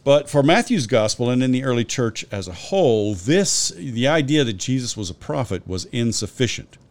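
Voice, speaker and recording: A man's voice: mid-range voice, lively intonation, moderate pace. A man discussing a Bible passage in a conversational podcast, explaining in a scholarly way and citing chapter and verse, with frequent restarts.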